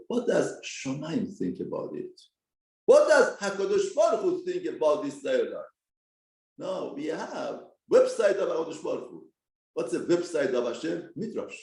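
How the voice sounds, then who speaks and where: A man with a Persian accent, a native Persian speaker, giving a short ethics lesson and acting out the quotes he tells. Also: high voice. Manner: animated, acts out quotes, mixes Hebrew terms into English. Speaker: rabbi teaching a class. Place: study hall. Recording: echoey room.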